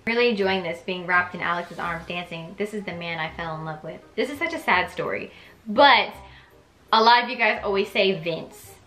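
A woman's voice: fairly low pitch, moderate pace, fairly bright tone, echoey room. A young woman reads aloud the dialogue of a story game, breaking in with chatty, reactive comments of her own. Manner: chatty and reactive, switches between reading and commenting. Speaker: gaming YouTuber reading a story game aloud.

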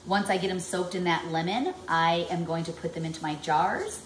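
A woman in her forties chats away in a kitchen vlog, her voice sitting slightly low. She rambles, piles on fillers and jumps between thoughts. The room rings with echo, and a faint household hum sits behind her. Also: normal speed. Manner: rambling and animated, lots of fillers. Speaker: vlogger. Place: home kitchen, canning.

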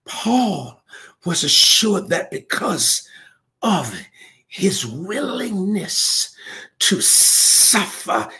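A male pastor preaching a sermon with impassioned fervor, his voice breaking into cries and shouts. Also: high-pitched. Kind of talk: Pentecostal-style preaching.

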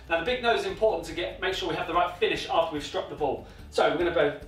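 A man's voice: high voice, fast, few pauses. A man with a British accent coaching a toddler in tennis, in an encouraging, sing-song way with lots of repeated instructions. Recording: echoey room, mic at a distance, faint music.

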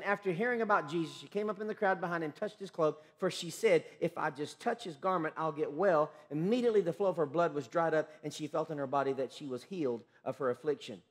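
The clip features a male pastor preaching. His volume rises to emphatic peaks and drops to quiet lows, and he keeps restarting phrases midway.

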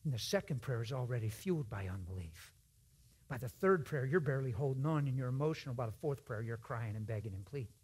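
A man giving a sermon in a church, swinging from hushed whispers to loud shouted emphasis and acting out conversations in other voices. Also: mid-range voice, animated, quick pace, breathy edge. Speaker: guest preacher.

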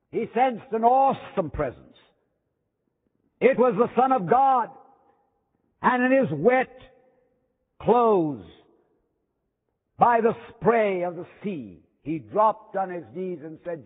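A man preaching with a high, husky voice, leaning hard on key words and then falling to a near hush. His sermon rings out through a chapel with a long reverb tail. The sound comes through thin and narrow, like a phone line. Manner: emphatic preaching with dramatic pauses and drops in volume.

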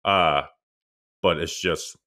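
A man's voice: low-pitched, slow pace, pushed and bright. A man co-hosting a sports podcast, casually sharing opinions that trail off mid-thought. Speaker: podcast co-host.

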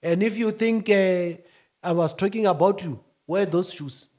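A man speaking as a union-leader guest, emphatic, rising to shouts and then dropping low. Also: a little slow. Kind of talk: animated interview talk.

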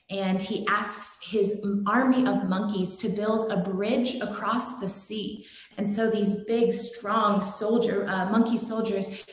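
A woman giving a gentle, devotional sermon and telling a story, with some fillers. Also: mid-range voice. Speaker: satsang speaker. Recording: very echoey room.

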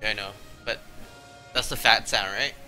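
A middle-aged man, a game developer streaming and chatting casually, rambling and excitable. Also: on the low side, normal speed, low-quality recording. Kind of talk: casual chat while playing. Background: faint music.

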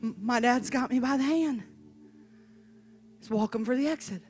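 A woman evangelist preaching a sermon as a dramatic story, swinging from hushed telling to emphatic shouting. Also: on the high side, moderate pace.

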